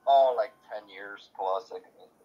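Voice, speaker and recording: A man's voice: lowish voice, measured pace, muffled recording. A man hosting a podcast, telling a crude story in casual chat, swearing often and laughing. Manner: profane, animated, laughs a lot. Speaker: podcast host.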